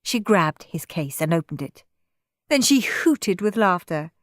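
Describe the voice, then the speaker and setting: Expressive, slow-reading woman storyteller. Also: fairly low pitch, dry recording, studio quality. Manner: expressive, playful. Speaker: audiobook narrator. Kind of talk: storybook narration.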